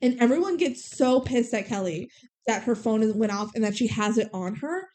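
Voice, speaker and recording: Animated higher-voiced woman recapping a film. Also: moderate pace. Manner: animated retelling, acts out characters' lines. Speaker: podcast co-host. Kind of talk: casual chat recapping a movie.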